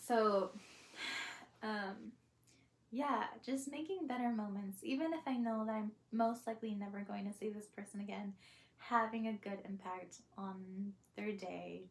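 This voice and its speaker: A young woman talking to camera in a reflective, casual vlog, soft and hesitant with many pauses and small laughs. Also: mid-range voice. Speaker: vlogger.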